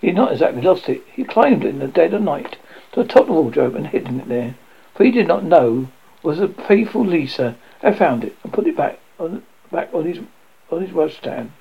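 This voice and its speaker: A man reading a children's classic aloud, lively and prone to stumbles. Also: a little high, a little fast, vocal fry, breathy edge. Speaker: reader. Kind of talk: storybook reading. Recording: dull lo-fi recording.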